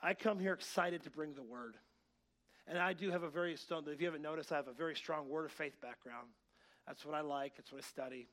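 A man preaching to his church, his voice sitting a little high for a man. He swings from quiet, chatty asides to loud, excited preaching. He wears a clip-on mic in the sanctuary. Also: a little fast. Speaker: pastor. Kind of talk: sermon. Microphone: clip-on mic that keeps slipping.

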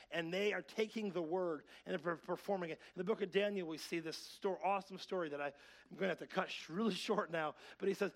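A man pastor preaching a sermon, swinging between loud, excited preaching and quiet asides to his church, wearing a clip-on mic. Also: a little high, quick pace. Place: church sanctuary. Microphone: clip-on mic that keeps slipping.

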